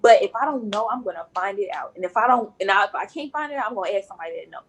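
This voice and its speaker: A woman's voice: medium pitch, expressive, racing, slightly rough, low-quality recording. A woman nurse speaking as a guest on a podcast, earnest and repeating phrases for emphasis. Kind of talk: podcast interview.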